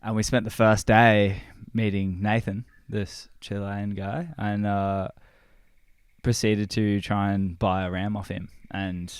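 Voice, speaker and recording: A relaxed man in easy podcast talk, his voice low, smooth and fairly flat in pitch. The sound is dry and close to the mic. He tells his travel story without hurry. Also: slow pace, dry recording. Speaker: guest, filmmaker. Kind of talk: casual podcast conversation.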